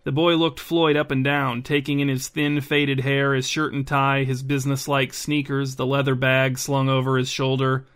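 A man hosting a podcast and reading a bedtime story in a calm, even narration. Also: mid-range voice, normal speed, hardly any pauses, smooth.

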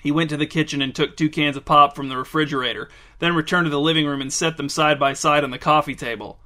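Male storyteller, dry measured reading, bright slightly high voice. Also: fairly even intonation. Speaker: narrator. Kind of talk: scripted story narration.

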